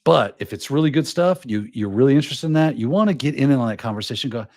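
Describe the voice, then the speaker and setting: A man's voice: medium pitch, quick pace, few pauses, dry recording, clean studio sound. A man hosting a casual live show, giving advice and acting out little quoted scenes as he talks. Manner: animated, acts out little scenes in quoted voices. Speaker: podcast host.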